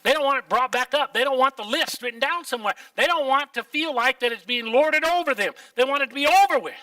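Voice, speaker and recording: A man's voice: very high voice, fast talker, sharp tone, dry recording, far from the mic, rough recording. An older male pastor, preaching a folksy sermon in church and throwing out rhetorical questions. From Oklahoma, USA. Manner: folksy, plain-spoken, full of rhetorical questions. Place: church sanctuary.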